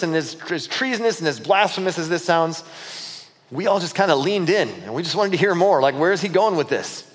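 A man preaching a sermon as pastor, retelling scripture in a lively storytelling way and acting out the disciples' voices. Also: fairly high pitch, big-room sound. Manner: storytelling, acts out dialogue of disciples. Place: church auditorium.

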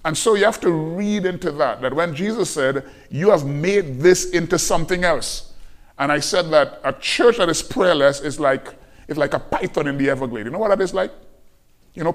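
A man preaching a sermon as pastor, emphatic and repetitive, slowing down to quote scripture. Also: fairly high pitch. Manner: emphatic preaching, repeats key phrases, slows on scripture quotes.

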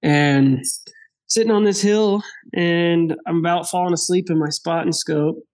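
A man telling a hunting story in casual chat, animated, laughing and acting out the dialogue of the people in it. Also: a little high, measured pace. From Wyoming. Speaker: podcast guest.

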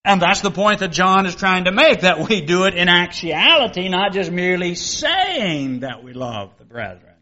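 A man's voice: high-pitched, very animated, moderate pace, hardly any pauses, sharp tone, dull audio. A man preaching a sermon in a folksy, conversational way, reading scripture and asking his listeners rhetorical questions.

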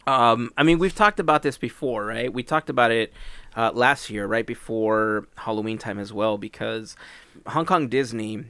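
A man hosting a podcast, chatting casually and getting excited as he spins ideas. His pitch sits in a middle range, and the recording is dry and close. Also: normal speed, smooth, dry recording. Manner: excitable, storytelling with dramatic build-ups. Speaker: podcast host.

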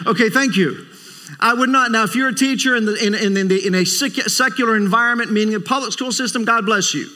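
Visiting preacher guy, high bright voice, hammers his points, asks for amens. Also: fast. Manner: emphatic, repeats phrases for stress; calls for amens from the congregation. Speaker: guest preacher. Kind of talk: sermon.

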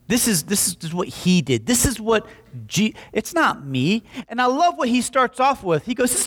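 A man's voice: high-pitched, moderate pace. A young man preaching a sermon, telling jokey stories and acting out quotes as he goes. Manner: animated, jokey storytelling with acted-out quotes. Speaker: pastor.

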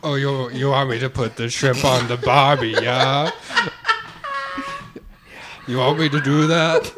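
A man playing a sleazy male sex-line operator with a low, sultry purr. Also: flat delivery, measured pace, very noisy. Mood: cocky. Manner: husky sultry purr, failing at accents. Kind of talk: comedy sketch.

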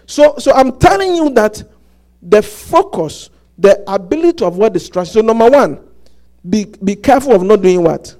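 High-voiced pastor preaching in bursts. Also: male voice. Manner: repetitive, asks the congregation "Do you get it?"; halting restarts, animated storytelling. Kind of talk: sermon.

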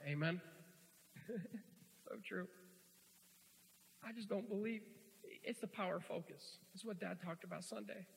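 Male preacher, folksy and joking, fairly high gravelly voice, ringing hall reverb. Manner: folksy, joking, swings from quiet asides to loud shouts. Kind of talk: sermon.

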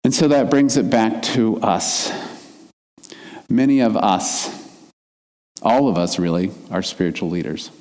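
A man's voice: fairly low pitch, a little slow, long pauses, darkish tone, in a large hall. A man delivering a sermon in an earnest, reflective way, his emphasis rising and falling as he makes his points. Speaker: minister.

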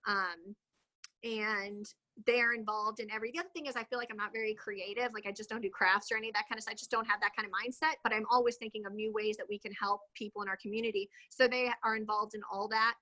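A woman's voice: mid-range voice, fairly even intonation, fast, bright, forceful tone, poor audio. A woman in her thirties, a real estate agent guest, talking casually in an interview, chatty and rambling with many fillers.

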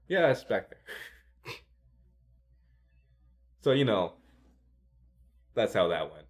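A man's voice: lowish voice, sing-song, takes it slowly. A man chatting casually with friends on a podcast, rambling through stories and laughing often. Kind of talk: casual chat.

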